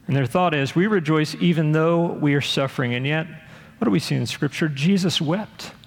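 A man's voice: a little high, vocal fry. A man preaching a sermon with earnest delivery, sometimes acting out the voices of people he quotes. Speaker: pastor. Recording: long hall reverb.

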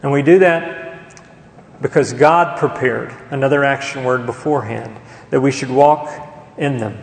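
Emphatic pastor preaching in an echoey church. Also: male voice, medium pitch, moderate pace, gravelly. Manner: emphatic, asks the congregation questions. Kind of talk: sermon. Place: church sanctuary.

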